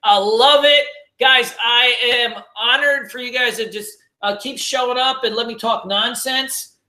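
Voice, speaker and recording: A man's voice: very high voice, steady tone, measured pace, bright, forceful tone, echoey room. A man hosting a casual trading livestream, joking, slangy and swearing as he answers viewers. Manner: laid-back, joking, slangy, swears and laughs often.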